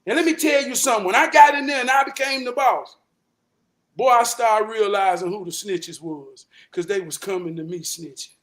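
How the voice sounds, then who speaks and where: A man hosting a talk show, telling a real-life story in an emphatic, profane way that climbs into shouting. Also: high-pitched, moderate pace. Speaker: host.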